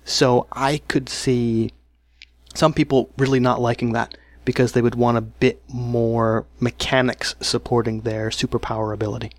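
A man's voice: mid-range voice, moderate pace, no echo. A man co-hosting a podcast, chatting casually with dry, self-deprecating humor. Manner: dry, self-deprecating, calls himself monotone. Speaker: podcast co-host.

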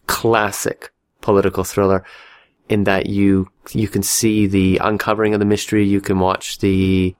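A man with a fairly low voice chats casually as a podcast co-host. He rambles and restarts his sentences, and slips in dry jokes as he talks through films. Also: level tone, moderate pace, clean tone. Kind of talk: casual chat about movies.

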